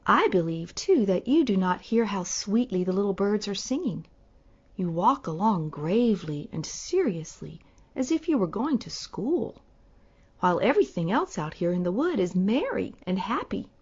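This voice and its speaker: A sly, hungry wolf from a storybook, as a woman puts him on, smooth and persuasive as he coaxes his prey. The voice sits in a middling register. The sound is dull and lo-fi. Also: medium pitch, sing-song, normal speed, darkish tone. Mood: coaxing. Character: sly, hungry male wolf, crafty and coaxing.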